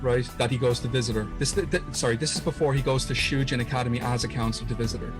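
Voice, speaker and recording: A man's voice: medium pitch, fairly even intonation, rapid-fire, music in the background. A man co-hosting a podcast, earnestly retelling a story in casual chat, often restarting his sentences. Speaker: podcast co-host.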